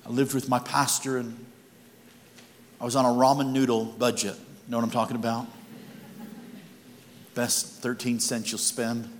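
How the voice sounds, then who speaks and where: A man's voice: medium pitch, flat delivery, unhurried, long pauses, a little hiss or hum. A man preaching as a guest speaker, telling humorous personal stories in a conversational way in church. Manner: humorous, anecdotal, conversational delivery. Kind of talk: storytelling sermon. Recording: long hall reverb with music behind.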